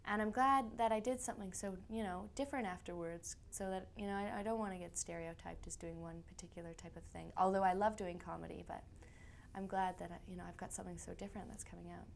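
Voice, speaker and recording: A woman's voice: fairly low pitch, fairly even intonation, quick pace, vocal fry, a little hiss or hum. A young woman from Canada, an actress being interviewed, chatty, laughing often and trailing off into fillers. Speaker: actress guest. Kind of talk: casual interview.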